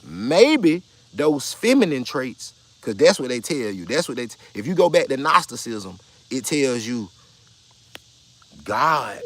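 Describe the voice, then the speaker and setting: A man's voice: medium pitch, big pitch swings, measured pace, a bit bright. Blunt, profane man ranting on a live stream. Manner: blunt, profane, argumentative, repeats himself. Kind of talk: casual live stream rant.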